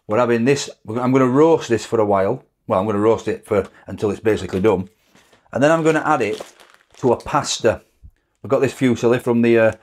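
A man's voice: medium pitch, darkish tone. A middle-aged man, chatting casually to camera as a food vlogger, rambling and laughing often.

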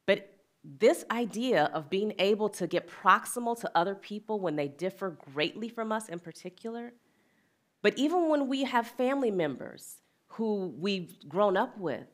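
A middle-aged woman with a slightly low voice talks reflectively as a wellness and equity speaker. Her manner is earnest and plain-spoken, and she moves into personal storytelling with an easy laugh. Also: a bit bright.

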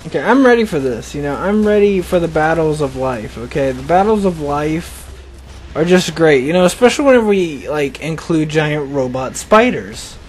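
A man's voice: on the high side, animated, moderate pace, slight background noise. A young man rambling and joking as he comments on his own gameplay, often laughing at himself. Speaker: gaming channel host.

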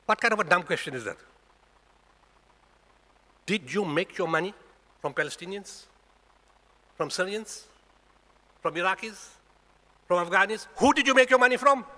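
A man's voice: a little high, pushed and bright. A man in his sixties from South Africa with a South African accent, giving a Friday talk at a mosque and pressing the congregation with rhetorical questions. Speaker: guest speaker at a mosque. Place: mosque prayer hall. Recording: echoey hall reverb.

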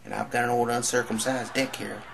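A man's voice: medium pitch, level tone, fairly quick, gravelly, background noise, voice pushed up, close to an everyday voice. A man putting on a folksy old country doctor. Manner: folksy drawl.

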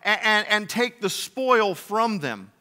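A male pastor preaching with a high, bright voice that rings through a reverberant sanctuary. He moves from loud, pointed emphasis to hushed, low passages and keeps putting rhetorical questions to the congregation. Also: sing-song, takes it slowly. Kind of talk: sermon. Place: church sanctuary.

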